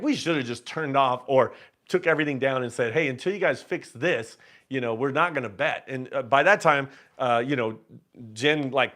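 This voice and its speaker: Male host, casual live-stream storyteller, animated, quick to laugh, fairly high voice. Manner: animated, acts out his own quotes louder and higher; many restarts and laughs.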